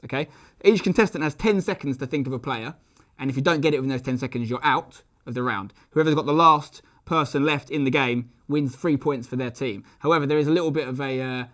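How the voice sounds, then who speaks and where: A man hosting a football quiz, upbeat and clear as he explains the rules. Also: medium pitch, a bit bright. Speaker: quiz show host.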